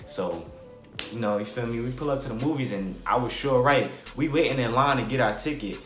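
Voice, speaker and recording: A man's voice: medium pitch, a little fast, a bit bright. A young man from New Jersey telling a casual storytime, rambling and slangy, with lots of "bro" and "like". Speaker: vlogger. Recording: roomy with faint music.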